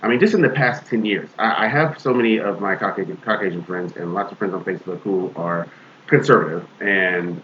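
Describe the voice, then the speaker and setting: A man with a fairly low voice talks earnestly on a casual podcast, stopping and restarting often. The audio is dull and lo-fi, with a faint hiss underneath. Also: fairly bright tone. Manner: earnest, halting, many restarts, acts out quoted voices. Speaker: podcast co-host.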